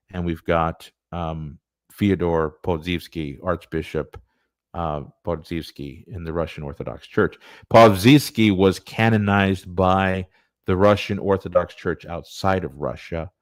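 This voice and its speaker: A man's voice: low voice, no room sound. A man presenting church history in an earnest, digressive, conversational lecture. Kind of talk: casual lecture.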